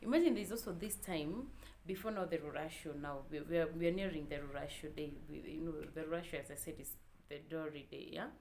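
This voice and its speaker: A woman's voice: sits low, a little mellow, a little hiss or hum. A young Kenyan woman telling a personal story to her viewers, candid and emotional, with frequent fillers. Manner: candid, code-switching, emotional. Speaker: vlogger. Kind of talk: casual storytelling to camera.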